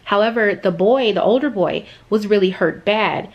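Chatty young mom vlogger. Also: female voice, medium pitch, normal speed, highs cut off. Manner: animated, addresses viewers as "you guys". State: recovering from surgery. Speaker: vlogger, stay-at-home mom. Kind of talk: casual storytelling to camera.

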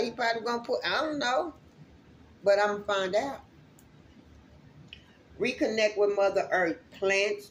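A woman's voice: mid-range voice, a little hiss or hum. A woman giving a casual spiritual reading to her viewers, chatty and emotional, swearing freely and speaking to them directly. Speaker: spiritual reader.

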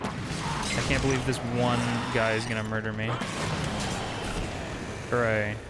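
Young man, game streamer, casual profane commentary, mid-pitched voice, game music behind. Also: little pitch movement, slow. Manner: swears freely, chats to viewers while playing. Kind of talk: casual gameplay commentary with chat. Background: game music and sound effects.

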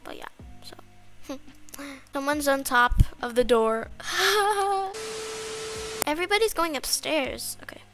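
A woman commenting on her own video game play, excitable and quick to gasp and shriek in fright. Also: high-pitched, soft background music. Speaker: gaming channel host. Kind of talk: Roblox gameplay commentary.

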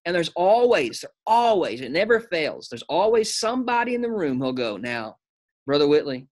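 A man's voice: high voice, very animated, moderate pace. A pastor, a man, talking in an interview with emphatic, preacherly conviction. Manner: emphatic, preacherly, says "listen" often. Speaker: pastor and preaching teacher, guest. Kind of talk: casual interview conversation.

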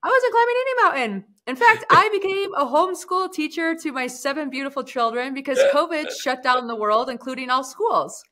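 A woman speaks as a podcast guest, her voice bright and forceful. She tells her story in an animated, casual manner, full of little fillers and quick asides. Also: high-pitched. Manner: animated, acts out quoted speech. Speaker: guest, mountaineer. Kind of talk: storytelling interview.

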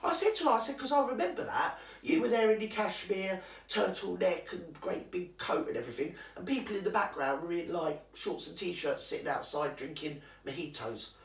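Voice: mid-range voice, animated, normal speed, vocal fry, few pauses. A gossipy old gal, roomy and distant, as a performer puts her on. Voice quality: chatty, confiding, gossipy. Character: gossipy older British woman, nosy and cheeky. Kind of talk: comic character monologue to camera. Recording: roomy sound from away from the mic.

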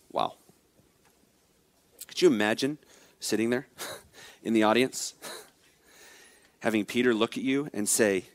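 A male pastor delivering an expository sermon, driving his points home with emphasis and dropping to a quiet intensity. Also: mid-range voice, normal speed, long pauses, no room sound. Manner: emphatic preaching, swings from loud exhortation to quiet intensity.

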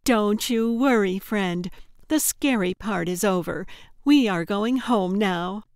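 A woman narrator voicing a giggly, unhinged female kidnapper who talks in a high, bubbly, overly friendly sing-song. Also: slow pace, a little mellow, smooth, dry recording, studio quality. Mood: sugary, chirpy. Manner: chirpy and overly friendly, tittering. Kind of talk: audiobook character voice.

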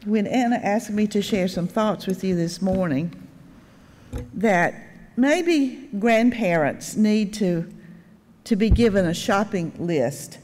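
An older woman delivers a sermon, unhurried and gently humorous, speaking at a very slow pace. Her voice rings with a long reverb through the church sanctuary. She sits at a middle pitch. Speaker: lay speaker.

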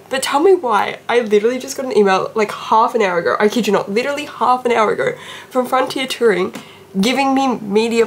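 A woman's voice: on the high side, slight background noise. A young woman, vlogging in a gushing, breathless way and squealing in disbelief. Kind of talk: excited casual vlog chat.

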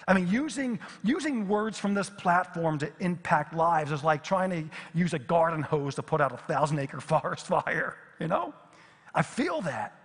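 A middle-aged man preaching a sermon as pastor, swinging from lively emphasis to hushed, near-whispered repetitions. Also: fairly high pitch, normal speed, slightly rough. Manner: dynamic, drops to near whisper on repeated phrases. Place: church sanctuary. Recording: long reverb of a church hall.

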